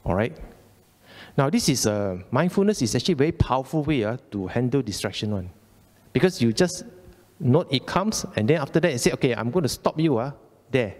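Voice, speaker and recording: A long reverb tail follows this man's mid-range, slightly mellow voice, which is sing-song and a little fast. He gives an informal Dhamma talk with a Malaysian English accent in a temple hall, chatty and colloquial, often repeating phrases and asking "okay?".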